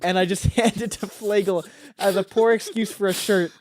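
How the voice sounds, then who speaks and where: A man's voice: sits high, fairly even intonation, normal speed, darkish tone, dry recording, studio quality. A teenage man, a podcast guest, telling a rambling story in casual chat with plenty of filler words. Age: teens.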